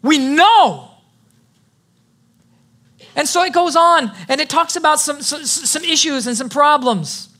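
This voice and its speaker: Pastor, sermon: high, ringing voice, emphatic call-and-response delivery with scripture readings. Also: normal speed, hardly any pauses, bright, forceful tone. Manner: reads scripture aloud between remarks.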